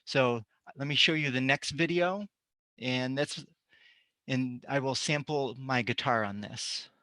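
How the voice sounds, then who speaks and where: A man's voice: mid-range voice, a little slow, pushed and bright, no room sound. A man presenting at a tech talk, explaining a keyboard sampling demonstration step by step. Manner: explains step by step while working a keyboard and screen. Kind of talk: live technical demonstration.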